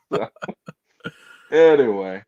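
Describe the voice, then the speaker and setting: A man's voice: on the high side, darkish tone, highs cut off. A man chatting casually as a podcast co-host, telling rambling, self-mocking stories and laughing often. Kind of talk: casual chat.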